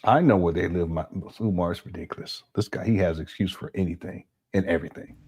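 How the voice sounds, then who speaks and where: A man's voice: low voice, fast, a little mellow, slightly rough. A man commenting on video clips, sounding exasperated and critical. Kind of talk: reaction commentary over clips.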